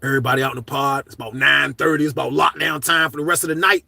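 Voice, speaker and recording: A man telling a comedic story in casual, slangy talk, swinging from hushed to loud. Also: on the high side, fairly even intonation, rapid-fire, creaky, no room sound, studio quality.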